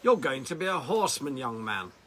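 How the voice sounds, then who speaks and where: A man's voice: mid-range voice, animated, normal speed, slight background noise. A man doing a commanding old colonel. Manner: firm, commanding, shouting others down. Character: tiny commanding old male colonel in a wheelchair.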